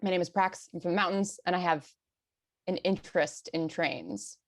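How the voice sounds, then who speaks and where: A woman voicing a wary male deep gnome warrior who speaks tersely. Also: normal speed, natural voice. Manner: terse and stiff.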